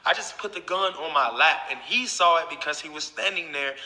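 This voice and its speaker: Bright-voiced profane man, echoey room. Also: a little high, a little fast. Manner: profane, talks straight to viewers. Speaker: YouTuber. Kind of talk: casual storytelling to camera.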